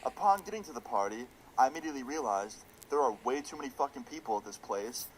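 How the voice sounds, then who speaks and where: A man's voice: mid-range voice, animated, fast talker, a little hiss or hum, poor audio. A young man casually narrating a storytime video in a laid-back, slangy way with casual swearing. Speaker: storytime YouTuber.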